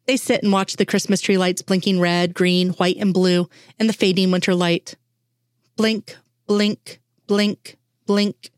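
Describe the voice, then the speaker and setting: A woman reading fan fiction aloud in a steady, unhurried way. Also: lowish voice, dry recording, studio quality. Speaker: reader.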